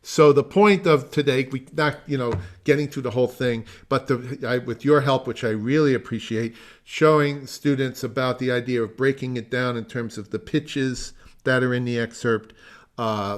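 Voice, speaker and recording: A man teaching a music masterclass over a video call, explaining at length, trailing off into asides and singing phrases to demonstrate them. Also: mid-range voice. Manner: explanatory, digressive, sings phrases.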